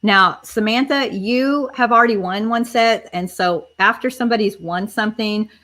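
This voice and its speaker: A woman's voice: medium pitch, moderate pace, a bit bright. A woman hosting a live online stream, chatting casually and speaking directly to her viewers as she runs a giveaway. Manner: chatty, addresses viewers directly, spells things out. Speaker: livestream host running a giveaway.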